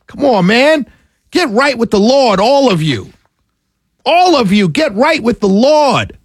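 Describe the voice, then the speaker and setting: A man hosting a political talk radio show, passionate and often yelling, with sarcastic asides, speaking close into a studio mic. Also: very high-pitched, very animated, slow pace, breathy edge, no echo. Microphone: studio mic right in front of him.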